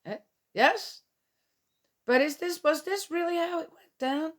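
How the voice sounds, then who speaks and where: A woman's voice: very high voice, a little slow, fairly bright tone. A woman reading a Bible passage aloud and commenting on it in a casual, skeptical way, asking many rhetorical questions.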